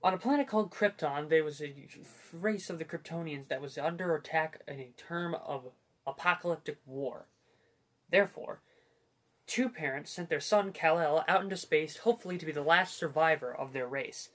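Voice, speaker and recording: Young man, movie review host, fairly high-pitched, jokey, rambling, self-deprecating. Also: moderate pace, fairly bright tone.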